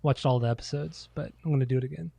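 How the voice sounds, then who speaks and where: A man's voice: mid-range voice, rapid-fire, vocal fry, mellow, husky, no echo. A man co-hosting a casual podcast, telling loose, profane stories and acting out quotes. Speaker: podcast co-host. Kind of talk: casual chat.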